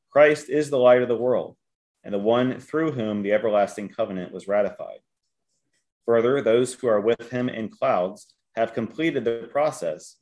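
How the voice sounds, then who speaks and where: A man leading a Bible study, reading scripture aloud and explaining it verse by verse. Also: on the low side. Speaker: Bible teacher.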